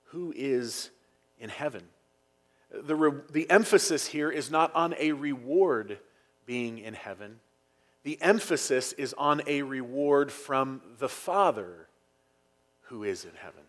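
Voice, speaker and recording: A man preaching a Sunday sermon as pastor, earnest and emphatic, stressing key phrases and sometimes dropping to a near whisper. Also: medium pitch. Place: church sanctuary.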